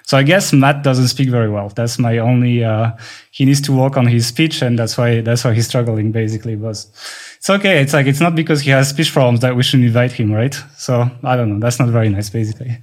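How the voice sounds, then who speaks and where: A man's voice: mid-range voice, a little fast. French-accented man explaining casually. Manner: explanatory, thinks aloud with frequent restarts and "basically". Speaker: podcast co-host. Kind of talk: casual chat.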